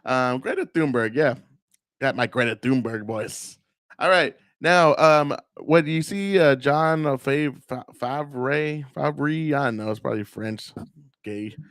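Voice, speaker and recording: A man's voice: mid-range voice, a little slow, a bit bright, no room sound, clean studio sound. A man hosting a casual political rant, profane and rambling, often mocking the people he talks about. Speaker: political commentary host.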